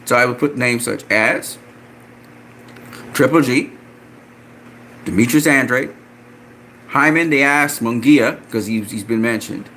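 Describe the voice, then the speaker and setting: A man angrily ranting about boxing, profane and repetitive, with mocking jumps in his voice. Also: a little hiss or hum. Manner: animated, mocking pitch jumps. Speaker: boxing commentator. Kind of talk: ranting commentary.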